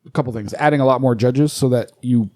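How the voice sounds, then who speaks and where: A man's voice: mid-range voice, fast, a little mellow, no echo, studio quality. A man co-hosting a casual podcast who swears freely and explains things in a rambling way. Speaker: podcast co-host.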